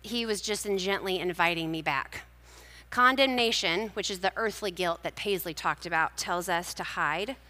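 Woman preacher, bright, crisp voice, conversational storytelling sermon, live hall with a long echo. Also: fairly low pitch, moderate pace. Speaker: speaker at a church gathering. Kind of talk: personal devotional sermon.

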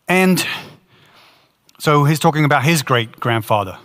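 A male pastor delivers a sermon with a bright, forceful tone and a slightly raised pitch. He tells his story in an earnest, animated way. His voice rings out with the long reverb of a church hall. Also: normal speed, long pauses.

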